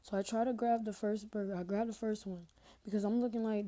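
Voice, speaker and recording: A woman's voice: medium pitch, steady tone, a little fast, mellow. A young woman tells a personal story straight into her phone in a loose, rambling way. She talks in slang and keeps turning to her viewers directly. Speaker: TikTok storyteller. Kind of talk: casual storytime rant.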